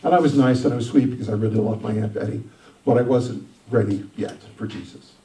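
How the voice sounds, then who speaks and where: A man's voice: mid-range voice, quick pace, echoey room, recorded from a distance, rough recording. Emphatic pastor telling his testimony. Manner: emphatic storytelling, swings loud and soft. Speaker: senior pastor. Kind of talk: sermon testimony.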